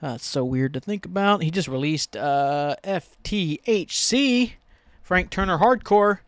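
Guy rambling on his podcast, swears a lot, bit high voice, dry close sound. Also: animated, unhurried, no room sound. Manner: rambling and ranty, swears freely. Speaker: podcast host. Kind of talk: casual solo podcast talk.

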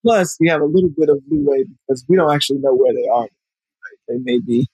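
Southern US man, film director guest, slightly husky, a bit high, relaxed talk full of fillers. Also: a little fast, no room sound, poor audio. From Alabama, US. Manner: loose and conversational, lots of "you know" fillers. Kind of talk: casual podcast conversation.

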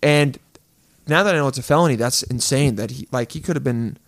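Gravelly laid-back man, dry sound. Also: medium pitch, no room sound. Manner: laid-back, swears casually, quick reactions. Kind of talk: casual podcast chat.

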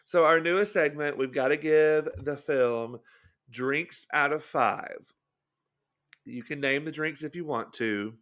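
A man's voice: a little high, measured pace, fairly bright tone. A man from Arkansas hosting a podcast, chatty and leading the segments in casual talk. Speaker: podcast host. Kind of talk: casual chat.

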